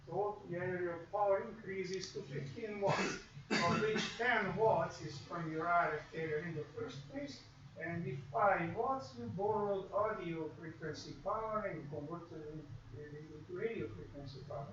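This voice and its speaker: In a classroom lecture for a radio course, a high-voiced man explains concepts at a moderate pace and performs examples as quoted asides. The background is noisy, and the echoey room, distant mic and dull tone shape the sound.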